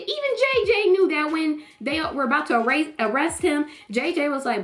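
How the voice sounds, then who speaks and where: Animated slangy young woman vlogger. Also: normal speed, hardly any pauses, faint music behind. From North Carolina, US. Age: young adult. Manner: animated, slangy, acts out quotes with big pitch jumps. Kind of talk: casual show review to camera.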